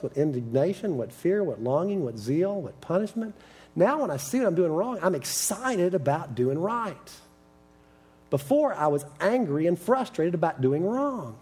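A middle-aged man delivers a sermon in an earnest, storytelling manner. His voice is husky and mellow, and he brings stories to life with animated dialogue. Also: sits high. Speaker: preacher teaching on repentance.

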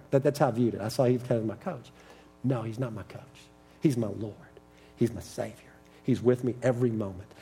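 Middle-aged male preacher, earnest and animated, husky and mellow in tone, acting out stories mid-sermon. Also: medium pitch. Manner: earnest, animated storytelling with quoted dialogue. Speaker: preacher teaching on repentance.

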